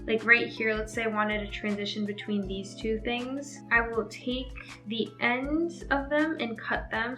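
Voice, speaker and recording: A woman's voice: on the high side, bright, forceful tone. A young woman talking casually through an editing tutorial, upbeat and saying "like" often. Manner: chatty, upbeat, uses "like" often. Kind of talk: casual screen-recorded tutorial. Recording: echoey room.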